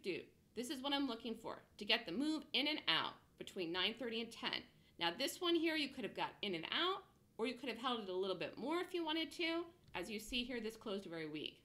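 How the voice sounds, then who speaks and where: A woman coaching day traders over a chart walkthrough, blunt and emphatic, punctuating her points with "boom". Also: bright, forceful tone. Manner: emphatic, punchy with "boom" interjections; blunt, self-assured. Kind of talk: screen-share trading lesson.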